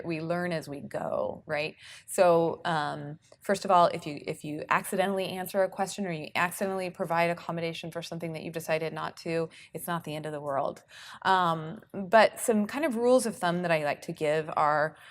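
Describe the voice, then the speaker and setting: A woman therapist giving a relaxed, conversational talk to parents, often filling pauses with "um" and "you know". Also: lowish voice, a little hiss or hum. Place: speaking at a public awareness event.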